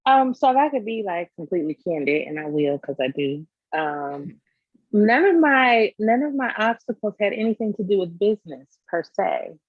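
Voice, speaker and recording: A woman guest in an interview, telling a personal story in a candid, animated way and acting out the scenes. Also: mid-range voice, moderate pace, no echo, phone-quality sound. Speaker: business owner guest.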